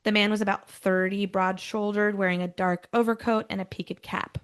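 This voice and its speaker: A woman's voice: mid-range voice, level tone, moderate pace, clear, resonant tone. A woman hosting a true-crime podcast, moving between read-out storytelling and chatty, offhand asides. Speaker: podcast host. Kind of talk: casual true-crime chat mixed with read narration.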